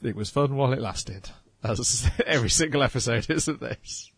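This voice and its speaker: A man's voice: medium pitch, lively intonation, normal speed, breathy edge, dry recording. A man co-hosting a podcast, chatting casually and laughing easily. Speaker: podcast co-host. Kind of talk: casual chat.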